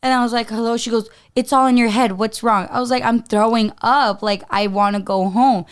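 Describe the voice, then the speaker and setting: A woman co-hosting a podcast, telling family stories in an animated way and acting out the lines of relatives. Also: a little high, brisk, clean tone. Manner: animated storytelling, acting out quoted family members. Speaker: podcast co-host. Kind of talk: casual chat.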